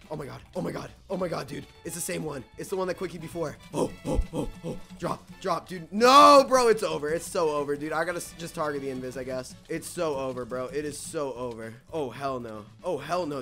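A young man giving live commentary on a game, excitable, switching between nervous muttering and loud outbursts, saying "dude" and "bro" all the time. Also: fairly high pitch. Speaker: gaming YouTuber.

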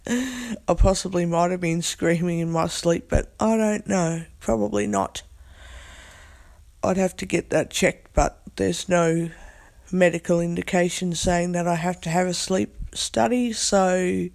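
A woman with a hoarse, croaky voice, chatting casually in a vlog from her bed, recorded on a phone. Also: fairly low pitch, unhurried, a little mellow. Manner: rambling, chatty. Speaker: vlogger. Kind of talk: casual chat. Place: in bed at home.

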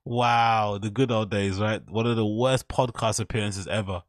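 A man's voice: on the low side, fairly even intonation, normal speed, no room sound, clean studio sound. A man hosting casual reaction commentary, mocking and profane as he rambles over clips. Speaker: commentary channel host.

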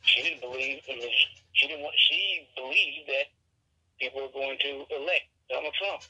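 A man calling in by phone as a friend, chatting casually in an animated way and laughing easily. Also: medium pitch, moderate pace, breathy edge. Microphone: phone on speaker. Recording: muffled phone speaker.

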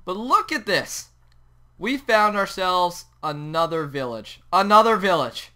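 Young man, gaming commentary, excitable, bright sharp voice, smooth and clear. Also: high voice, slow. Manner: excitable, yelps and shouts at the game. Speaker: gaming channel host. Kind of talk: Minecraft let's play commentary.

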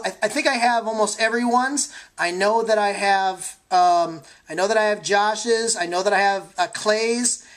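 A woman hosting a sports card giveaway in a casual vlog, talking eagerly with lots of fillers and self-corrections. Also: mid-range voice.

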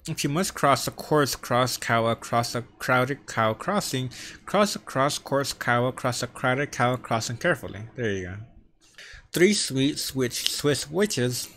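A man's voice: medium pitch, normal speed, sharp tone, a little hiss or hum. A man with a stutter and a lisp who practices tongue twisters on camera in a room at home while wearing earphones, repeating sounds as he trips over words. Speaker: vlogger.

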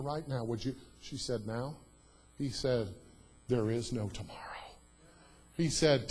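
A man preaches a story-driven sermon in a church. His voice is husky and slightly breathy, sitting at an ordinary pitch. He drops to near-whispers and then builds to loud, emphatic declarations. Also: normal speed, long pauses, rough recording.

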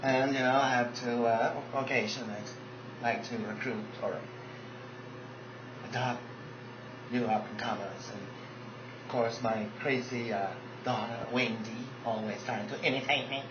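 A man's voice: medium pitch, fairly even intonation, measured pace, close to an everyday voice. A man voicing a proud, bossy veteran drag mother who drawls and calls people darlings. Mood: boastful. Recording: dull roomy recording with hiss.

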